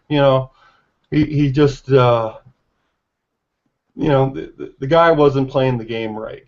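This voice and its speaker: A gravelly, hoarse man speaks haltingly, stopping and restarting around filler words in a casual online discussion. His voice sits at an ordinary pitch. The sound is dull and lo-fi, like audio from a video call. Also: darkish tone. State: losing his voice. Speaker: regular hangout participant.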